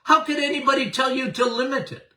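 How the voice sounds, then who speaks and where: An older man hosting a health podcast, talking emphatically and excitedly to listeners, laughing often. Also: extremely high pitch, fast talker, roomy sound, distant mic. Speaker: podcast host and health doctor. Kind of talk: animated health talk to listeners.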